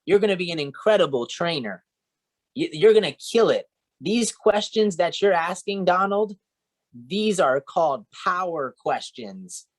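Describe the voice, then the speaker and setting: A man's voice: sits high, animated, a little slow. A man training a sales team, coaching and encouraging, often checking in with "right?" and "okay?".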